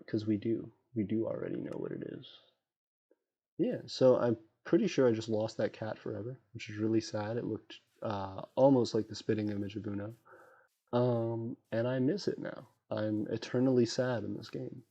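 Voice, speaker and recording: A man hosting a casual livestream while gaming, rambling excitably and chatting to the creatures on screen. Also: fairly low pitch, normal speed, creaky, husky. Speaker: livestream host. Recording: dull lo-fi sound with faint background beats.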